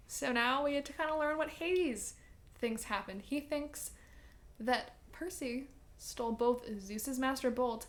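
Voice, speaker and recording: Woman, higher-than-average voice, casual chatty recap vlogger, filler-heavy delivery. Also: a little slow.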